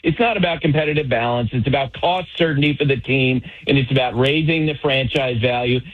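A middle-aged man breaks down baseball on sports radio with firm opinions and a string of quick examples. His voice sits in a middle pitch. The sound is dull and lo-fi, like a radio feed. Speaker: baseball analyst.

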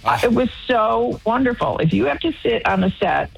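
A woman guest telling lively stories in a casual radio interview, laughing now and then. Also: on the high side, normal speed, vocal fry, muffled recording, soft background music. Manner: animated storytelling, with laughs. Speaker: guest actress.

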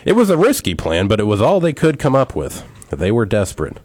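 Male co-host, low voice, dry close sound, animated joke teller. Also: brisk, slightly rough, dry recording. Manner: animated storytelling with acted shouts. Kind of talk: casual chat and joke telling.

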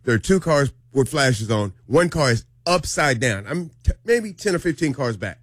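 A man hosting a morning radio show, telling animated stories in casual banter. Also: mid-range voice, normal speed, no room sound, studio quality. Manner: animated storyteller.

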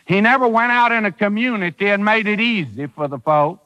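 A man's voice: high-pitched, brisk, bright, forceful tone, big-room sound, dull audio. A man preaching a sermon, emphatic, with rhetorical questions and dry humor.

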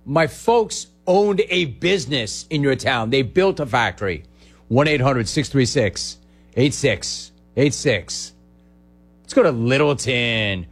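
A man hosting a call-in radio show, brash and quick, riffing and repeating words for comic effect. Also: mid-range voice, lively intonation. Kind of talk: sports talk radio call-in.

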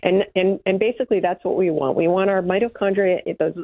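A woman's voice: mid-range voice, quick pace, no room sound. Chatty woman guest on a tinny line. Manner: chatty, often trails off and restarts. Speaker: supplement company guest expert. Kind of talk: casual interview talk.

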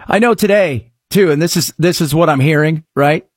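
A man hosting a talk radio show, delivering a sarcastic, animated monologue. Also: a little high, normal speed, hardly any pauses, slightly rough, no room sound, studio quality.

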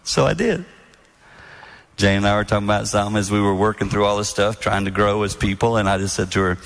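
A man giving a sermon-style talk on marriage to an audience, earnest and storytelling, sometimes acting out soft-spoken quotes. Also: on the low side, fast talker. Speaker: speaker on marriage.

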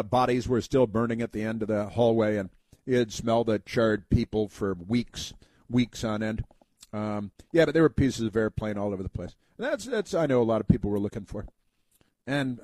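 A man's voice: mid-range voice, a little mellow, no room sound. A man hosting a radio talk show, talking casually in a rambling, wry, self-mocking way from a studio.

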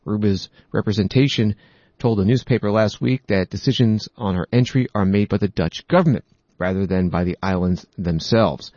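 A man presenting the news, reading out articles and introducing clips in a steady, matter-of-fact way. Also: on the low side, normal speed, no echo. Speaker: news commentator. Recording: dry, dull audio.

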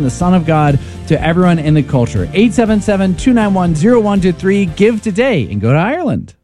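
A man's voice: sits high, mellow. A man co-hosting a radio pledge drive, making an earnest, persuasive appeal. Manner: earnest, persuasive, stumbles when fired up. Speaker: radio co-host.

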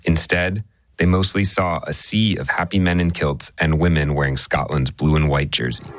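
A male radio reporter narrating a news story in a measured, conversational way. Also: rumbling low, steady tone, noisy background.

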